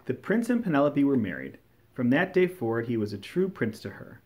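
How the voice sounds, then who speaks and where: A man reading a classic children's story aloud, telling it in a warm, expressive storytelling manner. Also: medium pitch, a little fast. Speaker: storybook reader.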